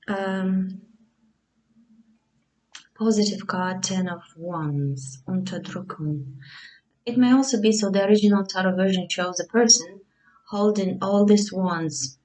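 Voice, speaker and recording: A woman with a talks through a tarot spread in a slow, musing, hesitant way. Her voice sits a little low, and she sounds a bit distant from the microphone. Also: a little mellow. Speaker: tarot reader. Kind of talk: casual tarot reading to camera.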